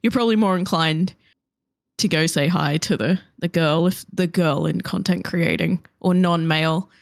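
Woman co-host, lively storyteller, dry close recording. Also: on the low side, normal speed, vocal fry, dry recording. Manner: animated storytelling with laughter and swearing. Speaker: podcast co-host. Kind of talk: casual chat.

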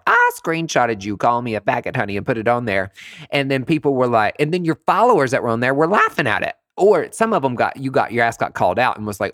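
A man's voice: medium pitch, animated, a little fast, a bit bright, no room sound, studio quality. A man who works as a nurse injector, ranting to camera in a sassy, profane, dramatic way.

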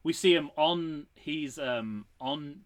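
A man co-hosting a casual podcast, telling a story pitch with animated energy and acting out the lines. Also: takes it slowly. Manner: animated storyteller, acts out quotes. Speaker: podcast co-host.

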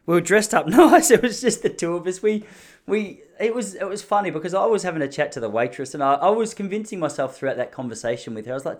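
A young Australian man, a podcast host, telling a comedic story in an animated, ranting, self-mocking way. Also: high voice, quick pace.

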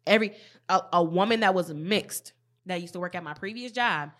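A woman's voice: fairly low pitch, brisk. A young woman co-hosting a casual podcast chat, outspoken and profane, often incredulous. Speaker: podcast co-host.

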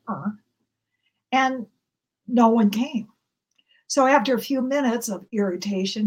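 A woman pastor telling a heartfelt story in a gentle, storytelling manner from the pulpit. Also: mid-range voice. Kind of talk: sermon storytelling.

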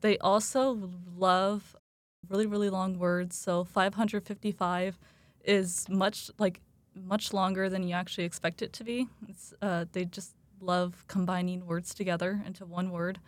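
A young woman chats casually on a student panel in a flat, level tone. The sound is dry and close, and she strings her points together with "like" and "so.". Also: medium pitch, unhurried, dry recording. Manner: chatty, laughs between points, many "like" fillers. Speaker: student studying German.

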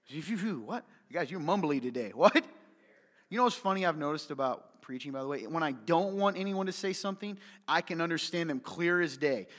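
A man delivers a sermon in a church hall, his voice sitting a little high. He jokes with the congregation and keeps asking them questions. A long reverb trails every phrase. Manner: animated, joking with the congregation, asks questions. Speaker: pastor.

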